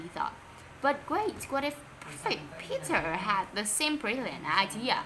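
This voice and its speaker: Expressive woman reading a children's story. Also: medium pitch, slight background noise, rough recording. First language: Vietnamese. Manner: expressive, unhurried.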